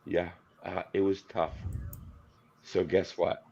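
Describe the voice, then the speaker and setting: A man co-hosting a casual show, rambling through jokey stories with a gravelly voice. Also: low-pitched, little pitch movement, slow, a little mellow, dull audio. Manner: rambling, jokey storyteller, yelps in mock pain. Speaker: podcast co-host. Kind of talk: joking casual banter.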